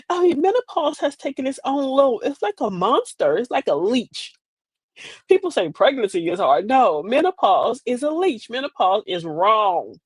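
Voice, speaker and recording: A woman in her forties hosts a casual livestream monologue and talks straight to her viewers. Her pitch sits fairly high and swings widely as she performs the quoted voices. The sound is dry and close. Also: very animated, normal speed, breathy edge, no room sound. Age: 40s. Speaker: livestream host.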